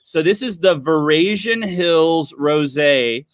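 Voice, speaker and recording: A man's voice: a little high, lively intonation, takes it slowly, no echo, clean studio sound. A man hosting a casual livestream wine tasting, chatting upbeat with viewers. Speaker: livestream host.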